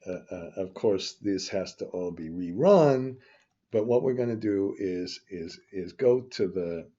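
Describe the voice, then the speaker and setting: Deep, warm and slightly rough, this older man's voice is animated but a little slow. Teaching finance through a screen-recorded spreadsheet tutorial in dull lo-fi sound, he rambles, grumbles on the side, and keeps starting over.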